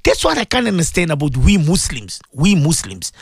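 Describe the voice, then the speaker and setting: A man's voice: fairly high pitch, wildly swooping pitch, normal speed, creaky, hardly any pauses, breathy edge, no echo, studio quality. A middle-aged man presenting religious advice on radio, pleading and repeating himself for emphasis.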